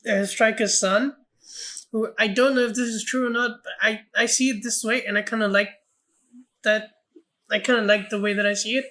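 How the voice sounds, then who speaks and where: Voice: mid-range voice, fairly even intonation, normal speed, sharp tone. A podcast co-host in casual film chat, thoughtful and easygoing, often giving short replies.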